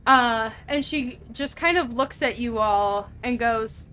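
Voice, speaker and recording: A woman narrating a tabletop game as game master, with many pauses and fillers. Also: on the high side, a bit bright, faint music behind. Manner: hesitant, filler-heavy narration.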